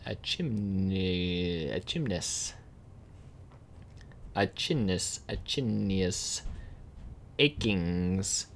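A man casually reading dictionary words aloud, slowly sounding out hard ones, stumbling, correcting himself and adding dry amused asides. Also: deep voice, creaky, a little hiss or hum.

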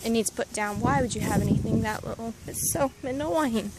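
High-pitched woman hosting a comic backyard vlog; dry, sarcastic delivery over a noisy outdoor recording. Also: moderate pace. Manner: deadpan, sarcastic asides. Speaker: vlogger. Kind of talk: casual comedic garden tour. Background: neighbor's dog barking.

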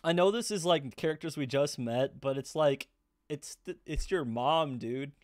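A man casually reacting to an anime episode, excitable, swearing and laughing often as he talks. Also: fairly high pitch, normal speed, no echo, clean studio sound.

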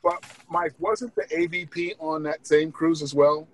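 A male comedian guest telling funny stories on a podcast, lively and acting out the people in them. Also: fairly high pitch, a little slow, low-quality recording. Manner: lively, laughing, acts out voices. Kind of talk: animated storytelling.

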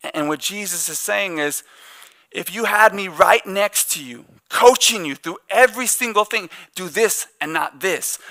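A man's voice: high-pitched, normal speed, sharp tone. A male pastor preaching a sermon in a conversational way, with joking asides and playful quoted back-and-forth. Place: church.

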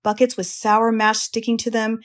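A woman's voice: fairly high pitch, completely flat delivery, normal speed, lightly acted. A woman doing a knowing old sheep. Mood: coaxing.

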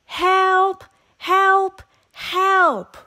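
A woman's voice: very high voice, level tone, drawn-out words, pitched above the performer's own voice, heavily acted. A woman voicing a small, friendly male truck in a storybook, chirpy and eager, beeping as he talks. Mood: panicked.

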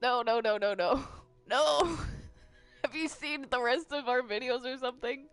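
A woman's voice: sits high, fairly bright tone, faint music behind. Giggly woman protesting in a game. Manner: giggly, protesting with rapid repeated no's. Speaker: player narrating a game roleplay. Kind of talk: casual game roleplay chat.

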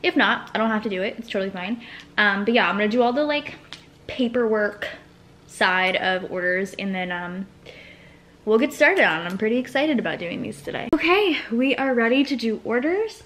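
A woman's voice: fairly high pitch, animated, normal speed, a bit bright. A young woman talking casually in a home vlog, rambling with lots of fillers as she talks through her work. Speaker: small business owner and vlogger. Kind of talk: casual chatty vlog narration.

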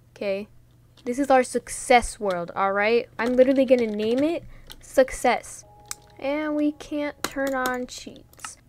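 Chatty young woman narrating her gameplay. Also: high voice. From New York. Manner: chatty, jokey, easily startled, lots of fillers and laughs. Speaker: gaming vlogger. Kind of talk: casual gameplay commentary.

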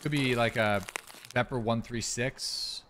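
A man's voice: medium pitch, slow pace, background noise. A man casually commenting while playing a shooter, chatting with viewers and swearing freely. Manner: relaxed, chatty, swears often, reads chat aloud. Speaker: streamer playing a shooter game.

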